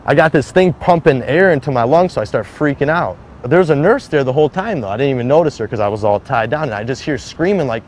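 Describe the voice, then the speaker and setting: A man's voice: mid-range voice, lively intonation, a little fast, darkish tone, slight background noise. A man casually recounting in the first person how he survived a shooting, full of filler "likes" as he acts out other people's words. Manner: conversational, heavy use of "like", acts out quoted voices. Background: background music.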